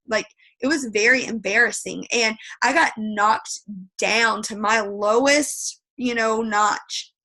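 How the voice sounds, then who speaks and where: A woman's voice: a little high, pushed and bright. A woman, leading her sales team on a video call, emphatic and rambling, with a tough-love manner. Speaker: team leader.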